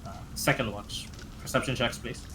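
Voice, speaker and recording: A young man running a tabletop game as game master, narrating haltingly with many fillers and restarts. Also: mid-range voice, fairly even intonation, bright, forceful tone, a little hiss or hum.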